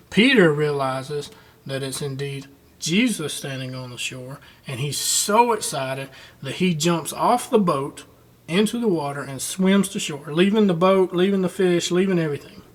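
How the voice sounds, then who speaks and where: A man teaching a children's Bible lesson, retelling the story in a folksy, conversational way. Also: fairly high pitch.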